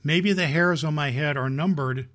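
A man's voice: on the high side, normal speed, fairly bright tone, natural voice. A man reading as a pleading young wife. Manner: earnest, pleading.

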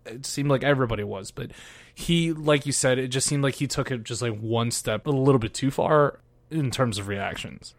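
A man with a middle-pitched voice chats as a podcast co-host. He sounds relaxed and rambling, and laughs easily. The recording is dry and close. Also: moderate pace, dry recording. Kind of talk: casual recap chat.

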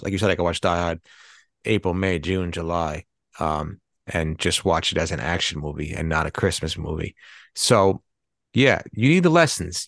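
Low-voiced man, profane rambling podcast banter, dry mic. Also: no echo. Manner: rambling, swears freely. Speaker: podcast co-host. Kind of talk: casual movie chat.

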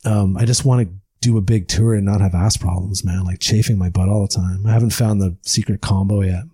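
A man's voice: on the low side, steady tone, fairly quick, dark tone, slightly rough, no room sound. A man chatting casually over a video call about endurance cycling, rambling and stammering, often laughing. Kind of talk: casual chat.

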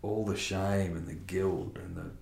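A man's voice: low voice, flat delivery, unhurried, gravelly, darkish tone, reverberant. A middle-aged man telling a candid personal testimony in conversation, blunt and rambling with restarts and mild swearing. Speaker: interview guest.

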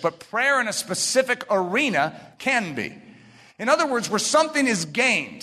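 A man preaching a sermon with mounting passion, often rising to shouts. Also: high-pitched. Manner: impassioned preaching, building to shouts. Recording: reverberant hall.

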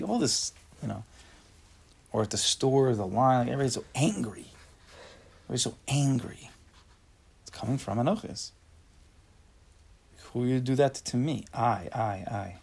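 A man's voice: mid-range voice, normal speed, vocal fry, pauses often, husky. A man giving a casual Torah class, reading a text and explaining it, acting out angry everyday voices and asking the class questions. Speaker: Torah teacher.

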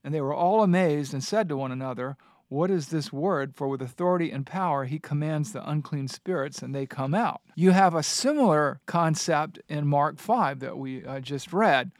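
A man's voice: on the high side, normal speed, dry recording, studio quality. A man hosting a Bible discussion, reading passages aloud and teaching with earnest emphasis. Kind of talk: scripture teaching in a studio discussion.

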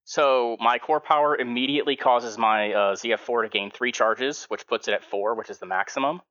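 A man's voice: medium pitch, moderate pace, a bit bright, dull audio. A man playing a tabletop mech game, explaining his character's abilities step by step. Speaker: player.

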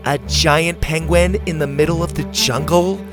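A man voicing an excitable young girl in a storybook, shrill and breathless. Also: normal speed, over music, lightly acted. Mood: incredulous. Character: excitable young girl, hatching dinosaur eggs.

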